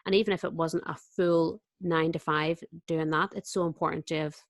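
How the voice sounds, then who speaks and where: A woman with a notably low-pitched voice talks casually as a podcast guest, telling a story with animation and voicing her own thoughts along the way. The sound is dry and close, with no room echo. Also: brisk. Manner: lively storyteller, acts out her own inner voice. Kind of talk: casual chat.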